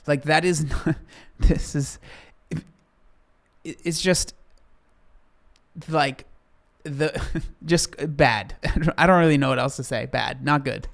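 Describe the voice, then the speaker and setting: A man hosting a reaction channel, giving wry, halting commentary that trails off into laughter. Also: a little high, vocal fry, fairly bright tone. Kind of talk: casual commentary reacting to clips.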